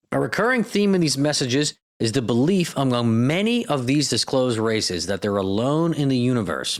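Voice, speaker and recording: A man narrates a scripted podcast in a jokey, sarcastic tone, his pitch swinging widely as he goes. He breaks into self-mocking asides, and his voice sits in the ordinary middle range for a man. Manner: lively, jokey delivery with silly voices. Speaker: podcast host.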